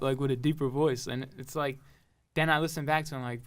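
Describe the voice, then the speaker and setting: A man's voice: a little high, fairly even intonation, brisk, a bit bright. A young man from Long Island talking as a rapper and producer in a casual interview, rambling with lots of fillers and swearing. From Long Island, New York.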